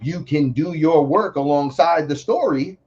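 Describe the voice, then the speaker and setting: A man from the Bronx with a New York accent, a podcast guest talking in a blunt, profane, animated way. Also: on the high side, measured pace, slightly rough, lo-fi sound. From New York City, the Bronx. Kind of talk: casual podcast chat.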